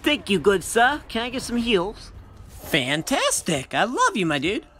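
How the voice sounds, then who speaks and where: A young gamer giving excited, profane commentary while playing, taunting the opponent. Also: mid-range voice, measured pace, music in the background. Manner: excitable, swears a lot, taunts the enemy. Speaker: gamer doing live commentary. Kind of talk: casual gameplay commentary.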